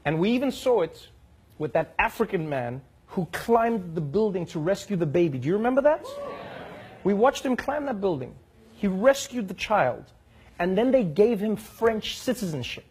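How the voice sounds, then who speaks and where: A man with a slightly high, husky voice, performing a comedic monologue. He tells a story at an easy pace and builds each bit toward the punchline. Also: a little mellow. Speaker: comedy show host.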